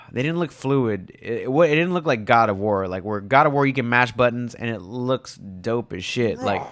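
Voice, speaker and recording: A man's voice: medium pitch, animated, moderate pace, fairly bright tone, no room sound, clean studio sound. A man co-hosting a casual gaming podcast, blunt and opinionated, swearing freely. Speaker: podcast co-host.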